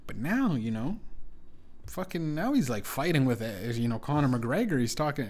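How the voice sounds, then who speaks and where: A young man rants alone into his podcast mic, swearing freely and wandering from thought to thought. His voice sits in an ordinary middle pitch, then shoots up loud when he gets worked up. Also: lively intonation, normal speed. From Canada. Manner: profane, rambling, with sudden loud jumps. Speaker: podcast host. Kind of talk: solo podcast rant.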